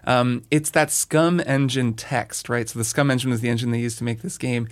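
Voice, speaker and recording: A man's voice: medium pitch, fairly even intonation, normal speed. Thoughtful man podcaster. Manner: thoughtful, reflective. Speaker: podcast co-host. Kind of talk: casual chat.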